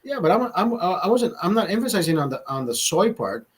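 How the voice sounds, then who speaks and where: A man's voice: high voice, very animated, brisk, breathy edge, low-quality recording. A young man telling a rambling, profane story in casual chat, with many restarts. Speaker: vlogger host.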